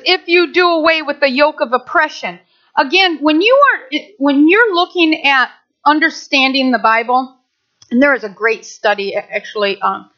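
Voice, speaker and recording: A middle-aged woman pastor delivers an animated sermon in a high, bright voice, full of rhetorical questions and chatty asides. The recording sounds dull and lo-fi.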